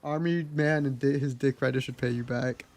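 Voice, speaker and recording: A man's voice: mid-range voice, steady tone, normal speed, a little mellow. A young man streaming live, telling stories from his life in a chatty, candid way and swearing freely. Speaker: livestreamer. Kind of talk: casual storytelling to a live chat.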